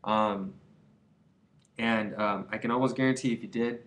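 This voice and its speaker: A man's voice: fairly low pitch, steady tone, a little slow, pauses often, a bit bright. A young man talking straight to camera in a loose, rambling monologue, earnest and full of fillers. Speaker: vlogger. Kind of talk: casual to-camera advice monologue.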